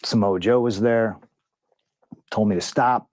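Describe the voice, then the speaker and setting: A man's voice: fairly low pitch, steady tone, unhurried, a little mellow, no room sound. A man telling a backstage story in an interview, heated and profane, acting out what others said. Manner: profane, heated retelling with lots of quoted dialogue. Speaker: interview guest, pro wrestler. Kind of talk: candid storytelling in a long-form interview.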